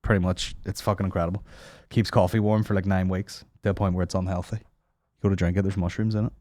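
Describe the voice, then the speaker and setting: Sweary podcast host. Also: male voice, low voice, little pitch movement, fast talker, a little mellow, no echo, studio quality. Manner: sweary, rambling, joking. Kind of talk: casual comedy banter.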